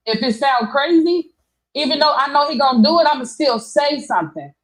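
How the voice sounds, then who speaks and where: A woman's voice: high voice, lively intonation, a little fast, rough recording. Direct, advice-giving woman. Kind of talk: casual debate chat.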